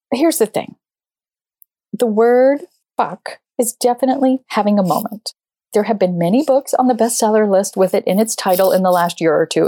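An animated woman in her thirties or forties tells a personal story, springing up into high pitch whenever she acts out what someone said. The sound is dry and close, with no room around her voice. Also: no echo. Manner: animated, acts out quotes with big pitch jumps. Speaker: speaker.

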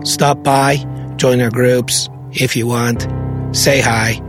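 A man co-hosting a podcast in casual chat, giggly and animated, laughing often. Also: mid-range voice, slow, over music. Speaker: podcast co-host.

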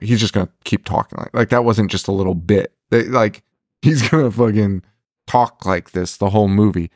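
A man's voice: on the low side, brisk, a little mellow, no echo, studio quality. A man co-hosting a horror movie podcast in casual chat, laughing often and swearing as he rants. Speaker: podcast co-host.

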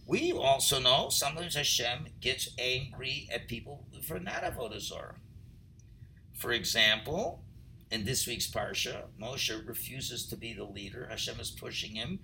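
A man teaching a Torah text class, reading Hebrew phrases and translating them, at times rising to loud emphasis. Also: mid-range voice, expressive, a little slow, vocal fry, a little hiss or hum, poor audio.

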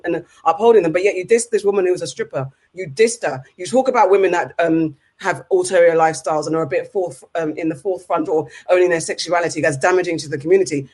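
A woman with a London accent, co-hosting a casual podcast and ranting heatedly, repeating herself for emphasis. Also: medium pitch. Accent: London English. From England. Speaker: podcast co-host.

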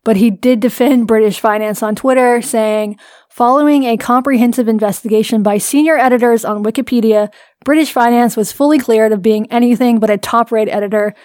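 A woman co-hosting a casual podcast, telling a story with dry wit and frequent laughs. Her voice sits a bit high for a woman. The sound is dry and close, with no room around it. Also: fairly even intonation, brisk, darkish tone, dry recording. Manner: wry, storytelling, laughs often. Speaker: podcast co-host. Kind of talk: casual chat.

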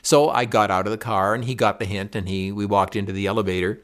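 A man in a documentary interview recounting an anecdote, pausing often with fillers and restarts. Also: lowish voice. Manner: halting, with many fillers and restarts.

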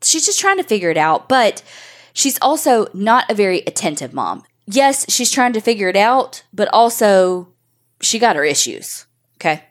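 A woman's voice: mid-range voice, sing-song, moderate pace. A woman co-hosting a podcast, telling a true-crime story in a chatty, frank way with casual swearing. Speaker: podcast co-host.

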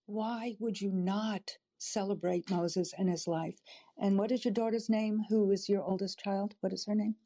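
Older woman, tearful and halting, mellow tone, heartfelt sharing. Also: mid-range voice, fairly even intonation. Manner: emotional, halting, warm-hearted. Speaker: audience member speaking up. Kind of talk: emotional personal sharing.

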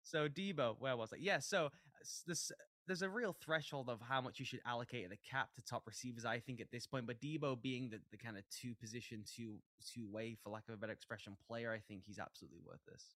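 A man talks fast on a sports podcast, laying out contract details in an analytical way. His voice sits at a middle pitch, and the recording is dry and close. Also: a bit bright, no echo. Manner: quick, analytical. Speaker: podcast co-host. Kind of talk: casual chat.

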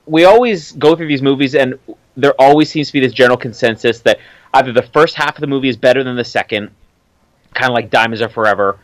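A man in a medium register talks through a movie with a friend, keen and wry by turns. His voice is dry and close, with a quick laugh never far off. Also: medium pitch, no echo. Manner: enthusiastic, wry asides, laughs often. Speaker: podcast co-host. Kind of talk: casual film commentary chat.

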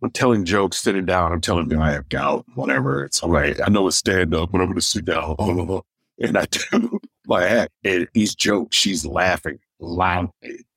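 A stand-up comedian from Michigan telling personal stories in an interview and acting out what other people said. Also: male voice, low-pitched, moderate pace, vocal fry, no echo. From Michigan, USA. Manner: animated anecdotes, acting out others' lines; deaf in one ear. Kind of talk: storytelling in a podcast interview.

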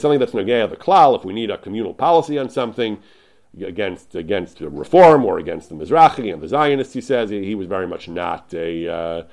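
A man's voice: sits low, darkish tone. A man giving an informal Torah lecture, animatedly retelling rabbinic rulings with constant restarts and repeated "he says".

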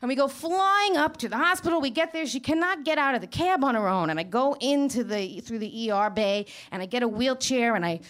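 A middle-aged woman with a Queens New York accent, telling a true story to an audience. She is frank and profane, stumbling over restarts as she gets animated. Her voice sits high. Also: a little fast, hardly any pauses. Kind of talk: live storytelling monologue.

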